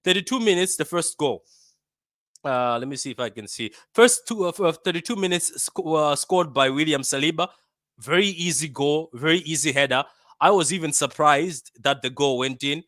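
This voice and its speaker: A man from Africa hosting a football fan channel, giving a casual match reaction with lively banter and lots of repetition. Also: on the high side, moderate pace, dry recording, studio quality. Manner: animated, bantering, repeats himself.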